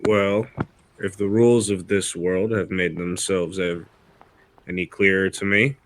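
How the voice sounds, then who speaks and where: Very deep-voiced man player. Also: fairly even intonation, unhurried, slight background noise. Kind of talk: tabletop role-play.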